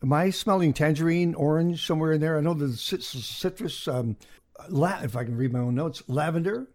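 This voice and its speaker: Brief: fairly high-voiced male host, playful, talks in restarts. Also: moderate pace, a little mellow. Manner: jokey, chatty, stumbling restarts. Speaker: radio host. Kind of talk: casual radio interview.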